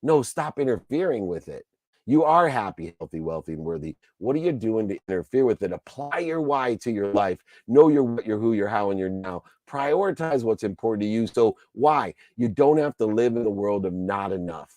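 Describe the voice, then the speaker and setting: A male motivational speaker delivering an emphatic, preachy talk built on rhythmic repeated lists. His voice is mellow and warm, and the sound is dry and close. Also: on the low side, lively intonation, normal speed, no echo. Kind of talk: motivational speech.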